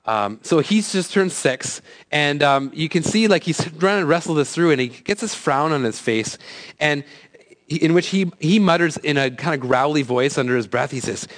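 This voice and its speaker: A man's voice: a little high, animated, moderate pace, a bit bright. A man in his thirties giving a casual, conversational sermon as a youth pastor, joking at his own expense and acting out quoted voices. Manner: conversational, self-deprecating, acts out quoted voices.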